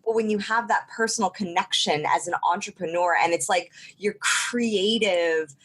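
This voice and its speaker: A woman's voice: mid-range voice, moderate pace, a bit bright, breathy edge. A woman hosting a casual podcast interview, reflecting thoughtfully in long, run-on sentences. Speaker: podcast host.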